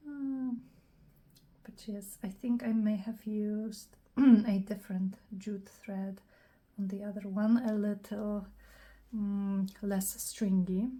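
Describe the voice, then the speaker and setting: A woman talks through a craft project at an unhurried pace, musing out loud as she works. Her voice is low-toned and husky, a bit scratchy and hoarse, and she keeps clearing her throat between hesitant phrases. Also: fairly even intonation. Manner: thinks aloud, hesitant, clears throat often. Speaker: craft channel host. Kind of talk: casual crafting tutorial narration.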